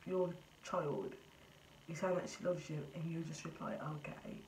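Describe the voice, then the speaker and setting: A woman's voice: deep voice, lively intonation, moderate pace, darkish tone, a little hiss or hum. A young woman in her twenties talking casually and emotionally to camera, earnest and rambling with restarts. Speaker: vlogger. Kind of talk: casual confessional chat. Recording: roomy, echoey, distant from mic.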